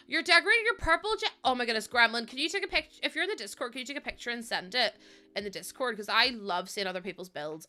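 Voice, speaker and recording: A young woman chats away on her livestream, giggly and rambling, full of little fillers. Her voice sits a touch high and comes across bright and forward. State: heavily pregnant. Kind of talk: casual chat while building in a game.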